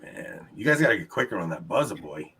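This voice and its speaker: A man with a Long Island New York accent hosting a casual trivia livestream from his home, upbeat and chatty, laughing often and tossing quick asides to the chat. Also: sits low, sing-song, gravelly, bright, forceful tone, a little hiss or hum. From New York, United States. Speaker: trivia show host.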